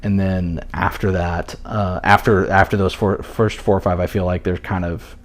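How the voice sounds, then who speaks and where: A man's voice: low voice, level tone, normal speed. A man in his thirties co-hosting a podcast in casual chat, rambling with many fillers and restarts. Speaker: podcast co-host.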